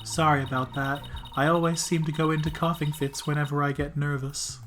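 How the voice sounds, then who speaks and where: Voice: mid-range voice, level tone, brisk, a bit bright, faint music behind, lightly acted. A streamer reading as a shy, sickly young woman. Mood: gentle.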